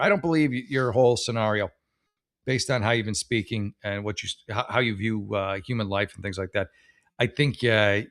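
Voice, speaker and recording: Brief: man, mid-pitched, blunt and sarcastic, loose rambling commentary as a mock advice host. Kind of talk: casual commentary on read-out posts.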